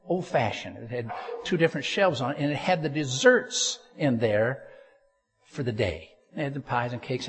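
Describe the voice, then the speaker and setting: A man preaching a humorous storytelling sermon, getting loud and excited and throwing jokey asides to a live audience in church. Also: mid-range voice, slightly rough. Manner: animated, gets loud and excited telling the story.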